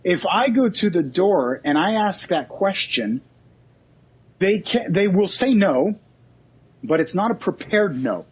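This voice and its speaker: A man's voice: sits high, sing-song, a little slow, slightly rough, muffled recording. A man, a real estate agent, telling stories and acting out both sides of a doorstep conversation as a podcast guest. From California. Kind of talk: animated storytelling with acted-out dialogue. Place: mobile office.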